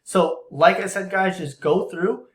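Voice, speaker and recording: A young man with a slightly high voice explains forex trading over a screen recording, casual and slangy. He slips into quick voices for panicking traders and market makers. The room is echoey. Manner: slang-heavy and conversational.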